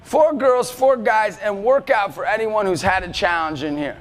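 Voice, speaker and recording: A male motivational speaker giving an energetic talk to students, often shouting to rally them. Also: high-pitched, moderate pace. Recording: reverberant hall, faint music behind.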